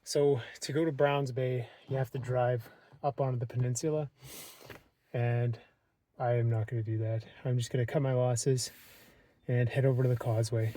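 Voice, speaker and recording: A young man vlogging casually outdoors on a windy coast, rambling enthusiastically in relaxed slang. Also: mid-range voice, normal speed. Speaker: travel vlogger. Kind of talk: casual travel vlog. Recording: wind noise on the mic.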